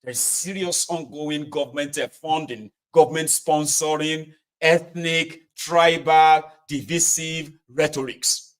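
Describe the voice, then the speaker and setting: A man's voice: a little high, steady tone, slow. A Nigerian man giving exasperated, mocking political commentary in a casual vlog. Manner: exasperated, mocking, uses pidgin particles.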